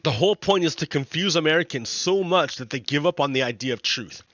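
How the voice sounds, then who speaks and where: A man's voice: fairly high pitch, animated, brisk, fairly bright tone, no echo, muffled recording. A man streaming a game while talking casually, rambling, repeating himself and laughing as he goes. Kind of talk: casual livestream commentary.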